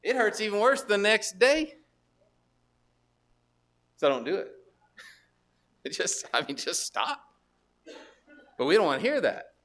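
A man's voice: sits high, very animated, takes it slowly, long pauses, a bit bright. A man preaching a sermon as pastor, in a conversational storytelling manner with asides and restarts.

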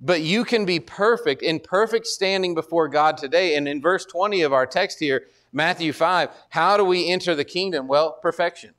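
Earnest preacher man, higher voice. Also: normal speed, few pauses, fairly bright tone. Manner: earnest, repeats words, rises in pitch and force when exhorting. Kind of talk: sermon.

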